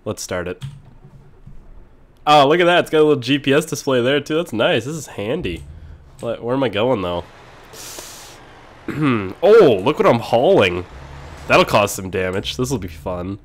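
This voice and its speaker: A man hosting a casual let's-play video while sick, clearing his throat often, excitable and quick to yell and swear when things go wrong. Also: medium pitch. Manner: excitable, swears and yells at mishaps. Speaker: gaming video host.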